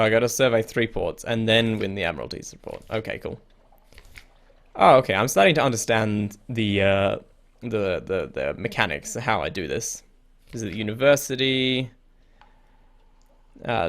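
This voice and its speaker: A man's voice: lowish voice, fairly bright tone. A man giving casual gameplay commentary, reading the game's text aloud, laughing often and sounding easily confused, with a casual swear now and then. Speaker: let's play gamer.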